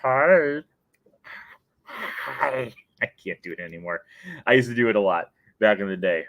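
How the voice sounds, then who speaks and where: A man's voice: low-pitched, fast talker, fairly bright tone, no room sound. A young adult man hosting a casual live stream, chatty and playful, often laughing at himself. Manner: playful and chatty, breaks into sung jingle and laughs. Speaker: host.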